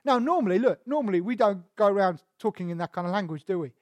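A man's voice: high voice, lively intonation, quick pace, dry recording. Man preaching with stressed words. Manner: explanatory, rhetorical questions, stresses single words. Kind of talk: sermon. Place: church sanctuary.

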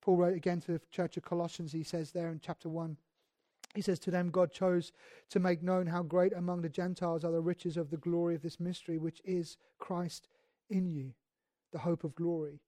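A man preaching a sermon, who moves between quiet reflection and loud, emphatic passages, reads scripture aloud and slows on key words. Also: a little high, flat delivery, dry recording, clean studio sound.

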